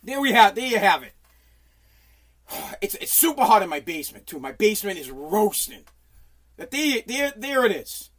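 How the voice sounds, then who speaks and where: A man's voice: high voice, sing-song, moderate pace, long pauses, a bit bright. A middle-aged man from the United States in his home basement, ranting on a casual livestream in a profane, exasperated, pleading way. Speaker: livestream host.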